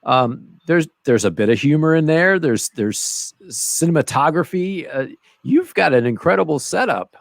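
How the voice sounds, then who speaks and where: Man, podcast host, enthusiastic, gravelly, dry recording. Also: a little high, animated, moderate pace, dry recording. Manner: enthusiastic, praising interviewer. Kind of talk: casual interview chat.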